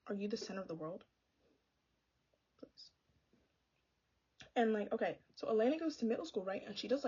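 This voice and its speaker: A woman's voice: medium pitch, slightly rough, highs cut off. A young woman ranting about a book in a sassy, exasperated, casual vlog style. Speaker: book vlogger. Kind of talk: casual chatty book review.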